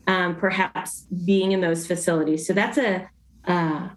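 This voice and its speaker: A woman's voice: fairly low pitch, steady tone, a little slow. A woman in her fifties, an interior design guest on a podcast, talking in an easygoing, agreeable way with many fillers. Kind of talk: casual interview chat. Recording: roomy echo.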